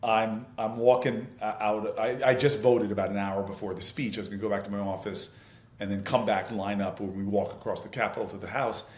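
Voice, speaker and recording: A man, a senator and interview guest, telling a lively anecdote with laughter and vivid scene-setting. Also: lowish voice, fairly quick, echoey room. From United States. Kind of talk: animated anecdotal storytelling.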